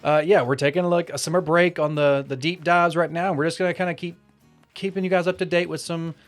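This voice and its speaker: A man's voice: a little high, fairly even intonation, a little fast, soft background music. A man co-hosting a casual podcast, joking and laughing often as he reads news stories aloud with frequent stumbles and restarts. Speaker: podcast co-host.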